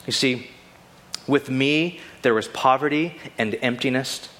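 A male pastor preaching a sermon, animated and acting out the quoted lines. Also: medium pitch, unhurried.

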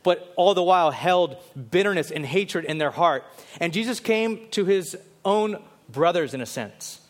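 A man preaching a sermon, swinging between loud, urgent exhortations and low, intense stretches. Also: animated, measured pace. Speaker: pastor.

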